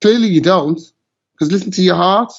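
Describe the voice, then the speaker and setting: A high-voiced man rants with passion, dropping into patois as he builds his case. The recording is muffled and lo-fi. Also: normal speed, vocal fry. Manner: passionate, ranting, slips into patois. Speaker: show host. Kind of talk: heated opinion chat. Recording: dull lo-fi sound.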